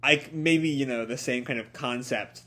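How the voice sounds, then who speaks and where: A man's voice: medium pitch, moderate pace, fairly bright tone. Young guy with a blocked nose doing a manga reaction, tired, lots of ums and restarts. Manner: rambling with many ums and self-corrections. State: stuffy nose, tired late at night. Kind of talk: live manga chapter reaction.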